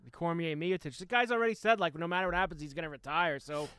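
High, smooth-voiced male co-host. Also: quick pace, sharp tone, dry recording, studio quality. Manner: laid-back, trailing off, lots of "like". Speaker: sports radio co-host. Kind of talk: casual sports talk.

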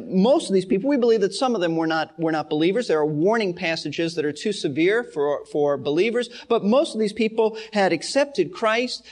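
A man preaching a verse-by-verse Bible teaching, earnest and emphatic, repeating key words for stress. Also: high-pitched. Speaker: pastor.

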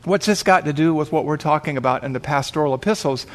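A man's voice: on the high side, fast talker. A man preaching, telling a long story vividly and acting out the voices in it. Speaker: pastor. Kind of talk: sermon storytelling.

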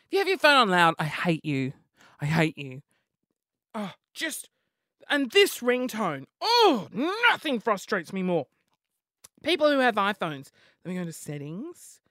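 Male podcast host, 30s; high, very expressive voice, exasperated comic rants, dry close sound. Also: a little slow, no echo. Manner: animated, exasperated ranting with swearing and playful impressions. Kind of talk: comedic podcast monologue.

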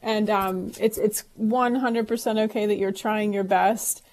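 A woman's voice: medium pitch, fairly even intonation, a little slow, darkish tone. Reassuring female radio co-host. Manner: reassuring, conversational, many fillers. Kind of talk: call-in advice talk.

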